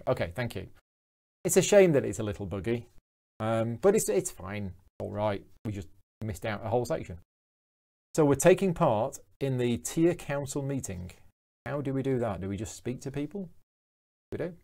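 A man's voice: medium pitch, big pitch swings, normal speed, vocal fry, warm tone. A man hosting a game playthrough, reading the text aloud with hesitant fillers and self-deprecating asides. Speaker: gaming channel host.

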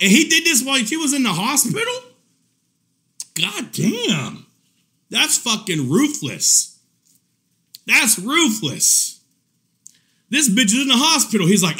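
A man giving casual reaction commentary in a profane, mocking, animated way, often breaking into laughter. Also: extremely high pitch, slow pace, pauses often. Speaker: commentary vlogger.

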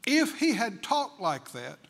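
A man's voice: very high voice, huge pitch swings, slow pace, gravelly, a bit bright. A male preacher delivering a sermon emphatically, full of rhetorical questions.

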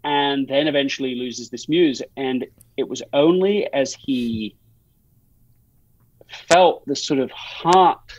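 Man, mid-pitched, guest on an interview podcast. Loose storyteller who restarts sentences a lot. Dry, slightly muffled sound. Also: slow pace, dry recording. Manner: rambling, many restarts and fillers, animated storytelling. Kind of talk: conversational interview.

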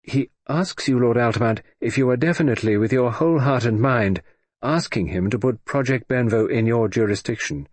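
A man's voice: medium pitch, fairly quick, darkish tone, no echo, lightly acted. A man voicing an anxious, earnest female assistant in an audiobook reading. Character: woman assistant, anxious and quick. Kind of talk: audiobook character voice.

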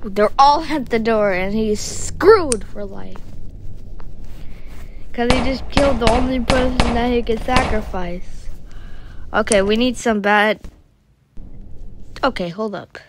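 Giggly high-voiced woman, slow goofy commentary. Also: background noise. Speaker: video reactor. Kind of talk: casual reaction commentary.

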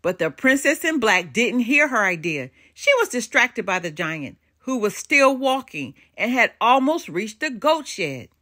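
An older woman reads a children's picture book aloud, her voice bright and lively as it swings through the story. She tells it with animated expression and well-placed dramatic pauses, pitched a touch high.

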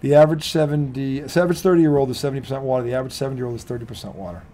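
A man's voice: medium pitch, very fast, warm tone. A male sports talk host from the Boston area, ranting heatedly with lots of swearing and laughing mid-rant.

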